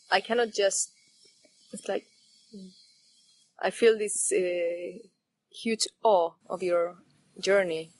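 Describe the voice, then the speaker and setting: A woman hosts an interview, asking her questions in a soft and reflective way. She speaks very slowly and hesitates as she searches for words. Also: lowish voice, low-quality recording. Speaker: podcast host.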